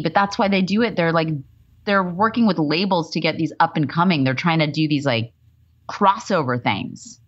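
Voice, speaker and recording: A woman co-hosting a casual chat, jokey and animated, acting out quotes from a TV show. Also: low voice, normal speed. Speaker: podcast co-host. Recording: slightly dull lo-fi audio.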